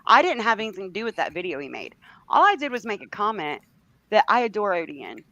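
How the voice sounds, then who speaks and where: A man's voice: high voice, wildly swooping pitch, fast, vocal fry, pushed and bright, no echo, muffled recording. A man arguing defensively and trading profane insults as a livestream guest. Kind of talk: heated argumentative chat.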